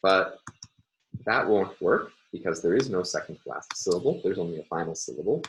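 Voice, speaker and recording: A man giving a recorded university phonology lecture, explaining step by step with frequent "uh" and "um" pauses. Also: deep voice, lively intonation, slight background noise, poor audio.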